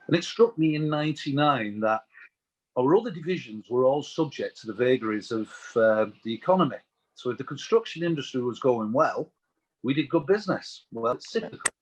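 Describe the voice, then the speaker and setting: A British man, a business owner as interview guest, telling anecdotes in a chatty, animated way. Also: medium pitch, a little fast, slightly rough, low-quality recording.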